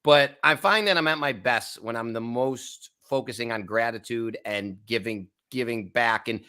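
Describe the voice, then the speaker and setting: A man's voice: medium pitch, normal speed, sharp tone, clear, resonant tone. A man from the United States hosting a wine podcast, talking in an earnest, reflective, casual way and laughing easily. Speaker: wine channel host.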